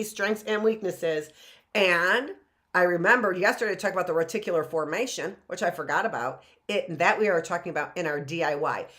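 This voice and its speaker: A woman's voice: mid-range voice, fairly bright tone. A middle-aged woman teacher talking casually and rambling to her class in a video lesson. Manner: rambling and chatty, talking to students.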